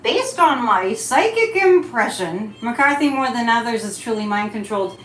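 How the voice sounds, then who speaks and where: A fairly high-voiced woman talks casually on a live stream, chatty and animated. The room is echoey, with a faint hiss of noise behind her. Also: moderate pace. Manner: chatty and animated, reads chat comments aloud. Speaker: psychic livestream host.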